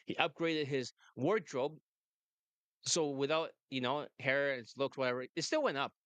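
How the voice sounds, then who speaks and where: A male dating coach holds forth in a brash, rambling manner. His voice is smooth and resonant at a middling pitch. The sound is dry and close. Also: moderate pace, a bit bright, no echo. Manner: brash, rambling, laughs often. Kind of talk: casual monologue and phone chat.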